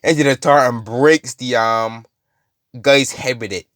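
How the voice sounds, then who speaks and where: A man's voice: mid-range voice, a little slow, a bit bright, no room sound, studio quality. A man casually retelling a story, rambling with lots of fillers and restarts.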